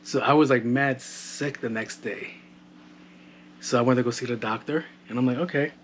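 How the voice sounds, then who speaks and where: Male podcast host, relaxed and profane, mid-pitched, recorded at home with light household noise. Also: moderate pace. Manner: loose, joking, swears freely. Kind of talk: casual solo podcast chat. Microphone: modded home microphone. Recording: faint household background noise. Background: household background noise.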